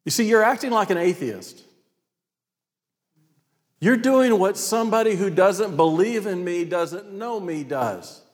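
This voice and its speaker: God speaks as a patient male presence, asking searching, reproving questions, as a preacher puts him on. The voice sits a touch high and rings out with a long reverb. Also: animated, measured pace, pauses often.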